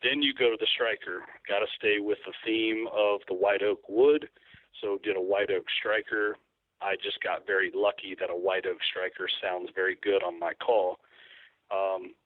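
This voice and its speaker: A man's voice: on the low side, no echo. A man with a Kentucky accent, a guest describing his work in an easygoing, rambling way. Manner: easygoing, rambling with frequent ums. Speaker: guest, turkey call maker. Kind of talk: casual interview talk. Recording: tinny dry phone line.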